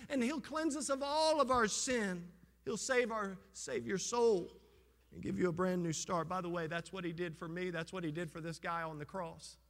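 A man's voice: sits high, moderate pace. A man preaching a sermon with impassioned, rising and falling intensity, addressing a church and an online audience. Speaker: pastor. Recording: long hall reverb.

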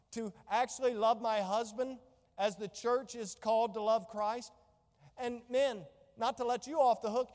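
A woman's voice: medium pitch, darkish tone, long reverb tail. A woman preaching a sermon with fervor, piling up rhetorical questions. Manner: fervent, stacked rhetorical questions.

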